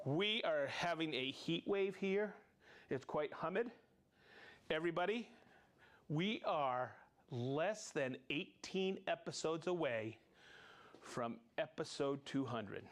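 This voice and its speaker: A man's voice: fairly high pitch, expressive, slow pace. A man hosting a live product show in casual chat, jovial and chatty, reading out viewer names and laughing often.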